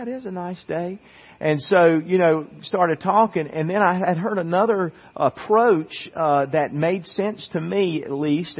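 A preacher with a hoarse voice in a reverberant hall. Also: male voice, fairly high pitch. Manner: conversational, many restarts and asides to the congregation. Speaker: pastor. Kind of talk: sermon with personal story. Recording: dull muffled recording with long hall reverb.

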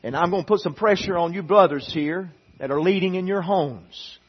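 Husky high-voiced preaching pastor. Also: male voice, moderate pace, muffled recording. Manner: builds from quiet asides to emphatic repeated preaching. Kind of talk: sermon. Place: church sanctuary.

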